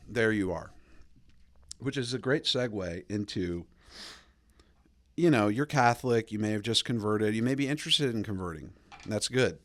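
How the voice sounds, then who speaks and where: A man with a fairly low voice tells a long, rambling story on his podcast. He fills it with "like" and "you know". He jumps up in pitch when he acts out what people said. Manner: conversational, acts out quoted lines with jumps in pitch; drawling fillers like "like" and "you know". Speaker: podcast host. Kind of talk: casual storytelling monologue.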